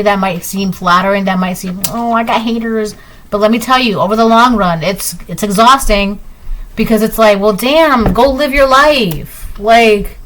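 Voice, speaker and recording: A woman's voice: on the high side, a bit bright. A woman giving a collective tarot reading, talking straight to viewers in an emphatic, repetitive way. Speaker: tarot reader.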